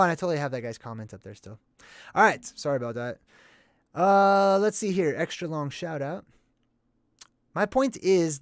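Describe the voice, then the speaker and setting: Chatty excitable man, slightly high voice. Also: dry recording, studio quality. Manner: chatty, excitable, rambling explanations. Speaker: movie commentary host. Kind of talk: casual video commentary.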